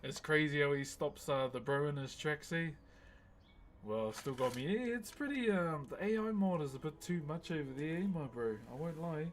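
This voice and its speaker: A man's voice: a little high, moderate pace, a little hiss or hum. A young man chatting casually on a live stream, laid-back and slangy, laughing often.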